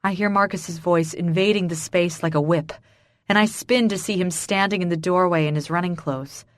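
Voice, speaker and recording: A woman's voice: fairly low pitch, moderate pace, dry recording, clean studio sound. A woman narrating a first-person romance audiobook in an emotional, breathless, intimate manner.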